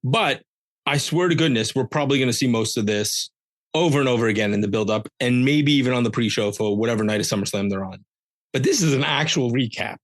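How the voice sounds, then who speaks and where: A man's voice: mid-range voice, fast, no echo. A man hosting a podcast, giving a casual, joking, rambling recap of a wrestling show. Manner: jokey, rambling, with playful asides. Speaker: podcast host.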